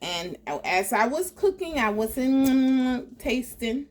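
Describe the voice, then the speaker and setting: A woman hosting a casual home cooking vlog, talking in a relaxed way with lots of ums. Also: high-pitched, slow pace. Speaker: cooking vlogger.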